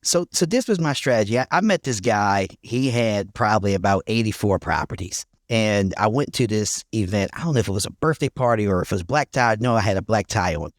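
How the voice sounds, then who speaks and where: Middle-aged philly dude, relaxed storyteller, swears a bit, laughs a lot, close dry mic. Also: male voice, lowish voice, brisk, hardly any pauses, no echo. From North Philadelphia, USA. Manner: laid-back storytelling, laughs often, blunt and profane. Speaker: guest, real estate investor. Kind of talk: casual podcast interview.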